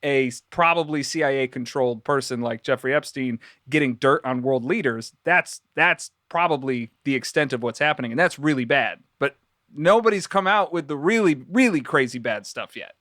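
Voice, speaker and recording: A man's voice: medium pitch, lively intonation, moderate pace, fairly bright tone, no echo, studio quality. A man co-hosting a casual podcast chat, musing at length about conspiracy stories with loose, rambling phrasing. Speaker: podcast co-host.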